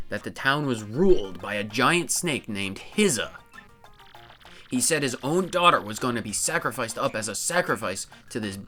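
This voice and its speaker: Boastful plumber hero, voiced by a male streamer with a put-on accent, bright tone, soft music under it. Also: mid-range voice. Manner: tries for an Italian-style accent, bragging storytelling. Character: boastful adult male plumber hero, tall-tale teller. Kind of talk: reading game dialogue on a live stream.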